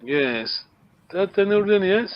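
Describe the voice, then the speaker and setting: Man, high voice, patient language teacher, muffled lo-fi call audio. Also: lively intonation, slow pace. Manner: patient, checks understanding with repeated "yes?". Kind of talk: online language lesson.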